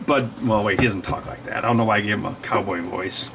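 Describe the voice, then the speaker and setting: With a fairly low, creaky voice, this livestream host talks a little fast and hardly pauses, over a noisy background. He tells wandering, digressive stories as he works, frequently correcting himself and laughing.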